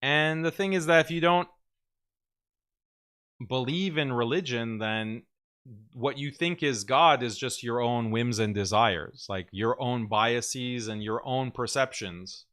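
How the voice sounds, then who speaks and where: A man hosting a casual livestream, reading viewer messages aloud and answering them bluntly, often mocking critics in a sarcastic, higher voice and laughing as he talks. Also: slow, fairly bright tone, smooth. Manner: mocking, with sarcastic high-pitched mimicry of critics; blunt, opinionated, laughs while talking. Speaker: show host reading viewer super chats.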